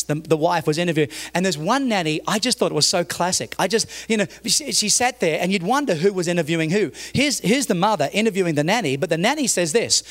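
A man with a high voice preaching a sermon as a pastor. He speaks emphatically, doubling back on words and repeating phrases. He acts out the people in his stories. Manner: tells stories, acting out the people in them.

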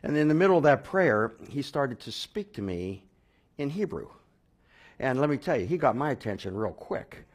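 A man telling his personal conversion story, halting with fillers and restarts, then growing animated and laughing at the funny parts. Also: medium pitch. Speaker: speaker sharing a personal conversion testimony.

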